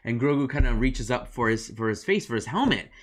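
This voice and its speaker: A man talking casually on a review podcast with plenty of energy. He retells scenes eagerly, slips into quoted lines, and fills gaps with "like" and "um." His voice sits at an ordinary middle pitch. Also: a little fast. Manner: excited, retells scenes with acted-out quotes and many fillers. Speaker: podcast co-host.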